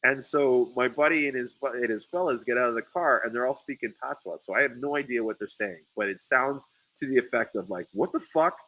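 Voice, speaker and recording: A sea moss farmer and podcast host tells stories casually and energetically, in a mid-range voice that's a little fast with few pauses. He voices quotes loudly, his pitch jumping sharply when acting out what someone said, and laughs often. The recording is dry and close, with poor audio.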